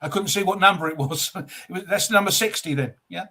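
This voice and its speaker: A man's voice: high voice, a little fast, sharp tone. A man chatting on a comics show, chuckling and teasing the others. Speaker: panelist. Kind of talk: casual chat.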